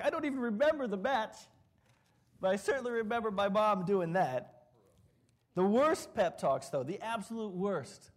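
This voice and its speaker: A middle-aged man preaching a sermon, telling funny stories and acting out what people said. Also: high voice. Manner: storytelling, humorous, acts out quotes. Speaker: pastor.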